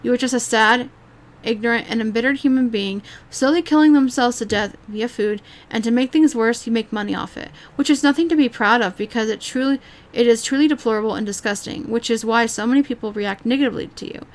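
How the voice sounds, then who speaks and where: A woman's voice: a little high, fairly quick. Exasperated woman ranting with restarts. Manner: rambling, exasperated, profane, with frequent restarts. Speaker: YouTube commentary creator. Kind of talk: reaction commentary monologue.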